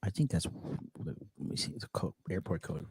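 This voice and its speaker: Profane animated man, low voice. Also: moderate pace, breathy edge. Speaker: podcast co-host. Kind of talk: casual chat.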